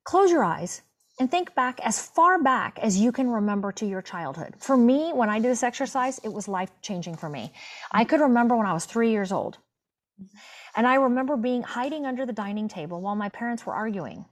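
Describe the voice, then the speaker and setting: A woman's voice: a little high, lively intonation, brisk. A woman in her fifties telling a personal story as an interview guest, heartfelt and emphatic, often restarting her words. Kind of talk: casual interview chat.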